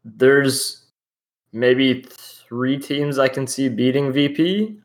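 A man on a casual esports panel, talking through stats in a measured, analytical way. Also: medium pitch, slight background noise.

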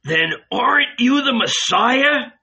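A man's voice: on the low side, takes it slowly, gravelly, bright, forceful tone, husky, exaggerated voice. A man voicing a devoted, eager male disciple in an audiobook reading, earnest and easily alarmed. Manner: earnest, rising to alarmed cries. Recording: dull lo-fi recording.

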